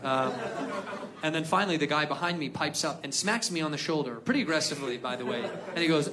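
A man's voice: a little high, brisk. A man doing a stand-up comedy set, telling a story and slipping into mimicked voices. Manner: storytelling, mimics accents, animated. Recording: live club with crowd laughter and noise. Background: audience laughing.

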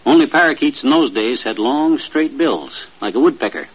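Brief: homespun yarn-spinner, husky and sing-song, dull old broadcast sound. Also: male voice, medium pitch, normal speed. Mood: folksy. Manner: folksy, drawling, lively storyteller. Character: folksy middle-aged man spinning a bedtime tale. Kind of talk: storytelling in a radio comedy. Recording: dull 1950s radio transcription.

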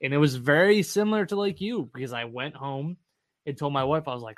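A man co-hosting a casual podcast about real estate, animated and candid, acting out his past self and swearing freely. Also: on the high side, a little fast, no echo.

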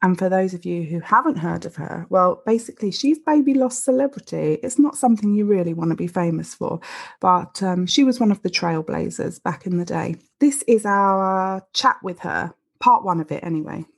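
Husky woman introducing a podcast. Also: medium pitch. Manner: chatty, self-deprecating, informal. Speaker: podcast co-host.

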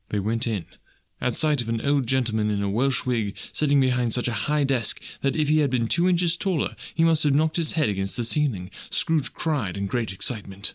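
A man narrating a classic story as an audiobook, measured and expressive. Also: mid-range voice, no echo, clean studio sound.

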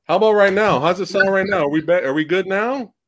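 A man's voice: high voice, fast, a bit bright. A man in his forties hosting a casual livestream, talking to chat and laughing often, on a headset mic. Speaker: host. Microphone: headphones or earbuds mic.

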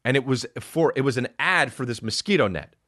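A man hosting a podcast, rambling in a profane casual monologue and jumping into loud, high-pitched outbursts. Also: animated, brisk, dry recording, studio quality. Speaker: podcast host.

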